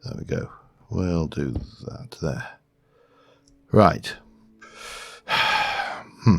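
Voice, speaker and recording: A man's voice: low-pitched, very slow, slightly rough, no room sound. A man giving rambling, self-deprecating casual commentary over a game. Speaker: gaming video host.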